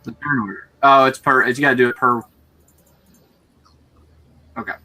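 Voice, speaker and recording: Running a tabletop game as game master, a man talks in halting bursts full of fillers and restarts. His voice is medium-pitched with fairly even intonation and a sharp tone.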